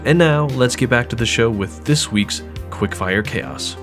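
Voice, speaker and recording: A man hosting a role-play segment, casually explaining the rules with lots of fillers, with soft music behind. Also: medium pitch, a little slow. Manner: relaxed, chatty, lots of "like". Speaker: host and game master.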